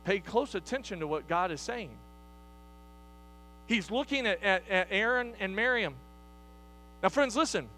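A male pastor delivering a sermon with an unusually high voice. His tone is bright and forceful, and he drives points home through repetition before falling to a hushed intensity. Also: animated, a little slow, pauses often, slight background noise. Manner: emphatic, repeats "listen", drops to a hush for stress.

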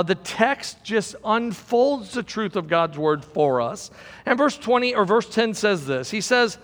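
A man's voice: high voice, a bit bright, big-room sound. A man preaching a sermon as pastor, emphatic and repeating key words for stress.

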